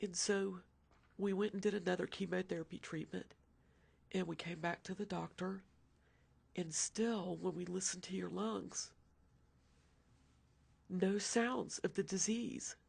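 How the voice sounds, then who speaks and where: A woman's voice: on the low side, steady tone, a little slow, creaky, long pauses, darkish tone, breathy edge. A woman recounting her son's childhood illness in a personal storytelling interview, emotional and dropping into whispers as she voices the doctor.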